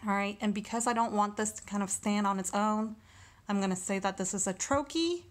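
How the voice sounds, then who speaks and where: A woman with a medium-pitched voice gives a recorded lesson, speaking slowly and with care as she sounds out each syllable in turn.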